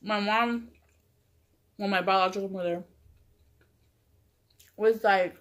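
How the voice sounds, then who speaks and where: A woman tells a story to her camera in a loose, rambling way. She fills her talk with "like" and keeps stopping to correct herself. Her voice sits at a middle pitch. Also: fairly even intonation, slow pace, fairly bright tone. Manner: rambling, full of "like" and self-corrections. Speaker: mukbang vlogger. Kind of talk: casual storytelling.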